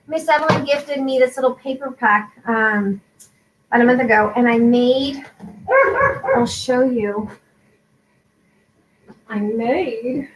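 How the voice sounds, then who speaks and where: A woman whose first language is Spanish, chatting excitedly with viewers while she hosts a crafting livestream. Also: on the high side, slow pace, long pauses. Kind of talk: casual live-stream chat. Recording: echoey room, faint background noise.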